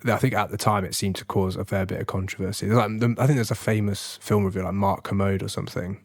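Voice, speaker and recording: A man's voice: lowish voice, fairly even intonation, fast talker. A man co-hosting a casual film podcast, rambling and laughing often. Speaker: podcast co-host.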